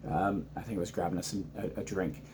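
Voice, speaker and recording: Excitable low-voiced man recapping wrestling. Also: quick pace, slight background noise. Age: adult, married father. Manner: excited, rambling, lots of ums and restarts. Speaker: wrestling reaction vlogger. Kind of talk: casual reaction vlog.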